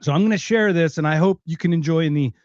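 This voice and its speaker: A man's voice: on the high side, quick pace, darkish tone, no room sound, highs cut off. A man from Philadelphia with a faint Philadelphia accent, hosting a podcast in a rambling, chatty way. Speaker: podcast host. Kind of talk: casual chat.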